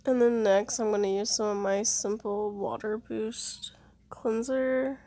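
A woman's voice: medium pitch, fairly even intonation, warm tone. A woman in her twenties with a sore throat and runny nose, casually walking through her skincare routine and swearing now and then. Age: 20s. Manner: unhurried, listing products one by one, casual swearing. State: sick with a sore, congested voice. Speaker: beauty vlogger.

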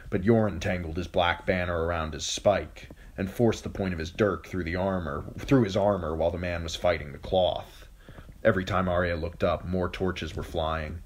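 A man reading a fantasy novel aloud as an audiobook narrator, steady storytelling with occasional slips. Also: low-pitched, a little hiss or hum. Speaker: audiobook reader. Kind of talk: scripted narration.

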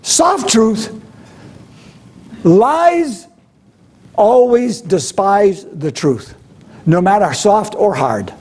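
High-voiced animated male preacher. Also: very slow, long pauses. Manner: animated, swings from shouting to low intensity. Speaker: pastor. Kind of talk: sermon.

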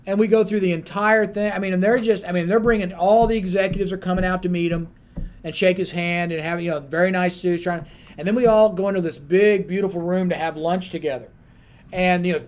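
A man on a panel telling a lively anecdote and acting out the other people in his story. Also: high-pitched, brisk.

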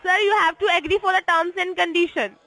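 A woman on a phone call reading a scripted offer, fast and repetitive, insisting the caller agree. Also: extremely high pitch, steady tone, fairly bright tone, dry recording. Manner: reads a script fast, repeats lines insistently. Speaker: phone scammer. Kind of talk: scripted phone sales pitch.

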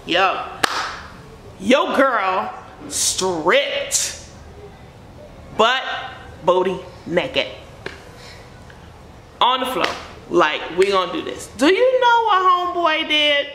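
A woman vlogger tells a personal story in an animated, joking way. She speaks slowly in a bright, gravelly voice. A roomy echo hangs around her. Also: on the high side, slight background noise. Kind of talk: storytime vlog.

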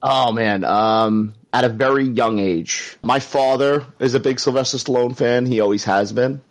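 A man with a Staten Island New York accent, chatting easily as a guest co-host on a podcast and laughing often. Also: medium pitch. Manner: easygoing, laughs often, quick friendly asides. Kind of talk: casual podcast chat.

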